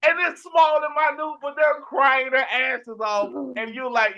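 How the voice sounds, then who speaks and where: High, bright-voiced man ranting animatedly. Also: a little slow, few pauses. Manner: animated, ranting storyteller with frequent restarts; shouts for emphasis. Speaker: podcast host. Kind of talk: casual sports podcast chat.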